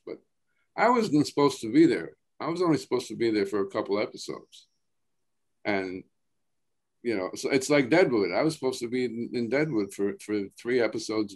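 A man with a New Jersey accent, a guest actor chatting casually, halting often and restarting his sentences, with plenty of swearing. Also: on the low side. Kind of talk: casual chat.

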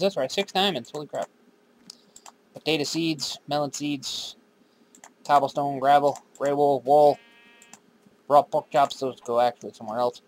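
A man's voice: fairly high pitch, slight background noise. A man hosting his own game series in casual commentary, rambling, swearing freely and talking back to the characters on screen. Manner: drifts into random put-on accents.

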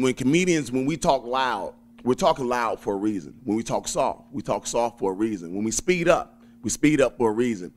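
A young man with a Southern accent from Alabama, a stand-up comedian chatting in an interview, laid-back and quick to chuckle. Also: mid-range voice, a bit bright. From Birmingham, Alabama. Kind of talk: casual interview chat.

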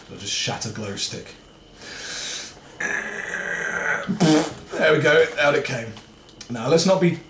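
Commentating on a horror game, a man keeps up a jittery, profanity-laced stream of chatter to himself at an ordinary pitch. The echoey room makes his voice ring a bit, and a faint hum sits in the background.

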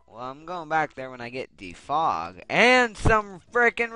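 A man's voice: fairly high pitch, wildly swooping pitch, measured pace, hardly any pauses, bright, forceful tone, clean tone, dry recording. A young man giving casual gameplay commentary, getting frustrated and swearing as he rants. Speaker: Let's Play commentator. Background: game music.

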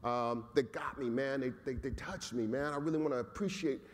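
A man's voice: medium pitch, a little fast, a little hiss or hum, natural voice. A man voicing a huge, scarred male prison inmate who talks earnestly and casually, calling everyone "man.". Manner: casual street talk, calls everyone man. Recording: echoey hall.

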